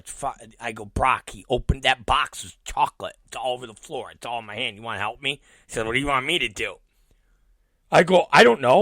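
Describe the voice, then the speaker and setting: In a sharp, mid-range voice with no echo, a middle-aged podcast host spins a long family story full of profanity. He acts out all the quotes as he goes.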